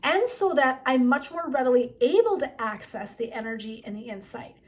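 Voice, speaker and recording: A woman's voice: sits high, expressive, normal speed. A woman wellness coach and therapist giving a motivational talk, chatty and emphatic, often asking "right?". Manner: chatty and emphatic, frequent 'like' and 'right?'.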